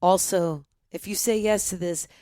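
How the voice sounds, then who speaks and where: A woman's voice: on the low side, fairly even intonation, normal speed, dark tone, no room sound, clean studio sound. Earnest woman in her forties. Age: 40s. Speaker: podcast guest. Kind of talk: casual conversation.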